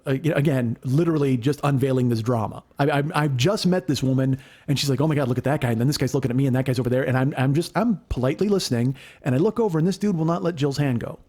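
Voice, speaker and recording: A middle-aged man casually telling a story as a podcast host, animated and profane, acting out what others said. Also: medium pitch, fast, hardly any pauses. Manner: animated, profane, acts out quotes.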